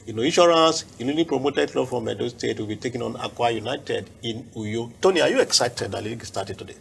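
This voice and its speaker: A man's voice: mid-range voice, lively intonation, quick pace, vocal fry. Nigerian man hosting a sports show. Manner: steers talk, cues breaks. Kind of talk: studio sports talk.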